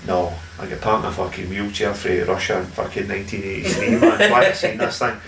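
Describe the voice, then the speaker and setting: A man's voice: lowish voice, steady tone, fast, gravelly, fairly bright tone. A Glaswegian man, a podcast guest, telling stories in casual chat, swearing freely and laughing as he goes; echoey room, far from the mic, faint hiss. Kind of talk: casual storytelling.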